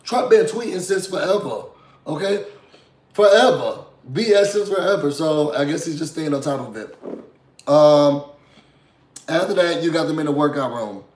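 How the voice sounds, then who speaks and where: Hoarse, sassy man recapping reality TV. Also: on the high side, lively intonation, normal speed, darkish tone, roomy sound. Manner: chatty, sassy, asks "you know what I'm saying?". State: hoarse, under the weather. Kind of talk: casual recap commentary.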